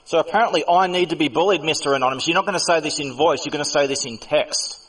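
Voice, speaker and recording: A man's voice: fairly high pitch, fast, fairly bright tone, husky, far from the mic, low-quality recording. A man hosting a heated voice-chat debate, talking in an insistent, lecturing, argumentative way. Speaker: voice chat server host. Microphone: computer mic in voice chat.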